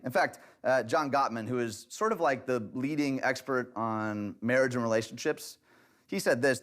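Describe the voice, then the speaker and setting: A man of middle pitch teaches a church relationship session on camera. His delivery is direct and conversational, with a wry, light humor woven in. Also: a bit bright. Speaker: pastor teaching a relationship class.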